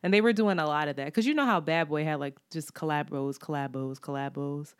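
A woman co-host spins stories with lots of laughter in a relaxed, casual chat. Her voice sits on the low side. The recording is dry, with no room sound. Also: a little fast, smooth, no room sound. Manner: animated storytelling, laughs often. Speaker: podcast co-host.

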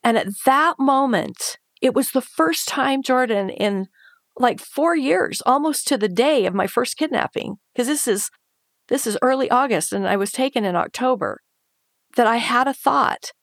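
A woman with a higher-pitched, animated voice speaks at a moderate pace, telling a painful story from her own life as an interview guest. Her earnest, emotional retelling acts out her past thoughts and the voices of others, in studio-quality audio without room sound.

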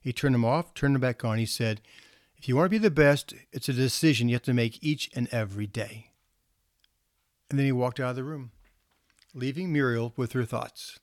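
A male counselor giving a storytelling talk to parents. He speaks in a relaxed, conversational way with small restarts. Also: mid-range voice, moderate pace, no room sound, studio quality.

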